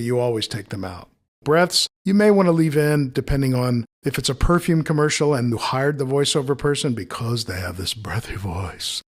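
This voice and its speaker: Man talking through audio edits. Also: medium pitch. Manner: thinks aloud while editing, replays clips, mutters asides. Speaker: audio editing instructor. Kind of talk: screen-recorded editing tutorial.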